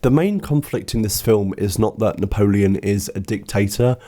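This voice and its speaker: A man's voice: on the low side, moderate pace, music in the background. A young man giving a video-essay commentary on a film adaptation, with wry, sarcastic asides.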